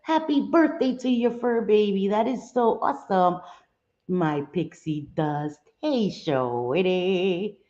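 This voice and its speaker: A woman's voice: medium pitch, animated, unhurried, warm tone. A woman hosting a casual livestream from her home, chatting with viewers and mixing in Spanish exclamations. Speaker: livestream host. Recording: echoey room, dull lo-fi sound.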